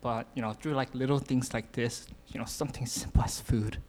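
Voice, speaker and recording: A man's voice: mid-range voice, steady tone, brisk, darkish tone. A man in his twenties giving an informal sermon, casual, with lots of filler words and frequent chuckles. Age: 20s. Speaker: youth speaker sharing a message.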